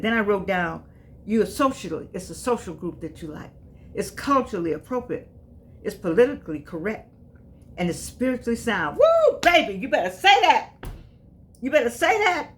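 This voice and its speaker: A woman in her eighties giving a casual spoken reflection, folksy and emphatic, often repeating herself. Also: medium pitch. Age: 80s. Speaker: vlogger.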